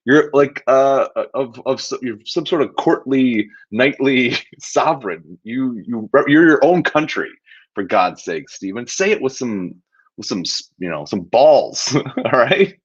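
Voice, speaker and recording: A man's voice: mid-range voice, expressive, unhurried, husky, muffled recording. A man hosting a casual show, commenting with amusement on a courtroom video and laughing often. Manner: amused, wry, laughs often while mocking. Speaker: attorney and show host.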